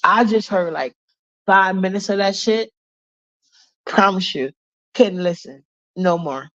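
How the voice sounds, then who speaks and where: Her voice is mid-range, animated and slow, muffled by a bad cold and dull lo-fi audio from a phone livestream with the camera off. She vents furiously with plenty of swearing, repeating herself as she defends her point.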